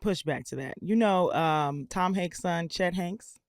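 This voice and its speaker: Panel guest, mid pitch, argumentative, challenging, dry mic. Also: unhurried, no echo. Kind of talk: casual group discussion.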